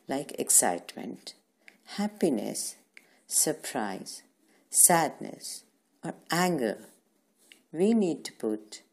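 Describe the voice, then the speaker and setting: A woman's voice: sits low, darkish tone, husky. A woman teacher, giving a patient grammar lesson to young children and answering her own questions. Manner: patient, asks questions and answers them herself.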